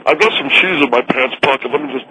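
A man's voice: medium pitch, quick pace, bright, forceful tone, slight background noise, lightly acted, rough recording. A man playing a gluttonous, indignant middle-aged documentary filmmaker in a comedy sketch. He talks with his mouth full and sounds petulant. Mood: huffy. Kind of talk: comedy radio sketch impression.

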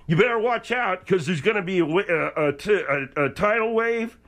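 A man's voice: high-pitched, animated, moderate pace, a bit bright, pitched above the performer's own voice. A man voicing an eager male sidekick who keeps chiming in with agreement.

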